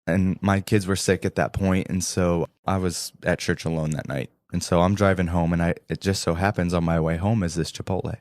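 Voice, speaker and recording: A man's voice: sits low, steady tone, a little fast, few pauses, a little mellow, dry recording, clean studio sound. A young man co-hosting a podcast, telling an earnest faith story with lots of quoted dialogue. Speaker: podcast co-host. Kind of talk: storytelling testimony.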